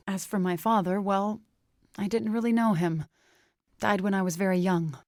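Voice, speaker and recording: An actress voicing a stubborn, defensive young farmer woman in a fantasy video game, talking with hesitant pauses. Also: mid-range voice, darkish tone, dry recording, studio quality, lightly acted. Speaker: game companion character.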